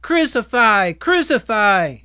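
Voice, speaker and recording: A man voicing an angry mob in a dramatized scripture reading, shouting forcefully. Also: high-pitched, big pitch swings, slow pace, clear, resonant tone, no room sound, clean studio sound, voice pushed up, full character voice.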